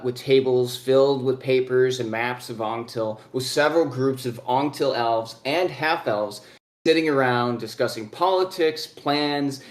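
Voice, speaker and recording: A man's voice: mid-range voice, roomy sound. A man narrating a tabletop game as game master, rambling through scene descriptions with many fillers.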